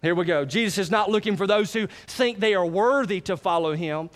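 A man preaching a sermon, animated and folksy, checking in with the congregation often. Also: high-pitched, brisk. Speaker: pastor.

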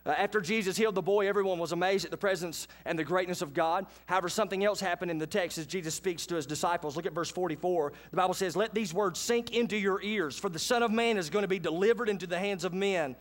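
A high-voiced man delivers a sermon in a church. He moves between chatty, folksy remarks to his congregation and animated preaching. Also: fast, hardly any pauses. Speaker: pastor. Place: church sanctuary.

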